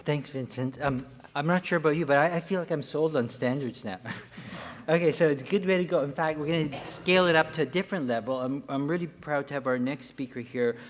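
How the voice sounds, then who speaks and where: A man's voice: on the high side, a little fast. Upbeat male moderator in a hall. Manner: upbeat, many um fillers. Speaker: panel moderator. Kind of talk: speaker introduction. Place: large conference room. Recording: long reverb of a hall.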